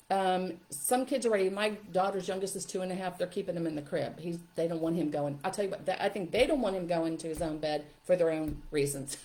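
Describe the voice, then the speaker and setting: An older woman, a parenting educator, talking in a casual, chatty way during a live question-and-answer session. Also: lowish voice. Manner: chatty, animated, laughs often. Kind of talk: live webinar Q&A.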